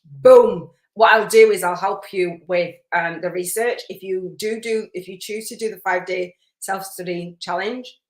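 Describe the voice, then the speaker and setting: A woman hosting a live spiritual business masterclass, chatty and effusive, rambling with fillers as she reads out viewer comments. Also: on the low side. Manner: warm, effusive, rambling with many fillers and restarts. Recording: roomy echo.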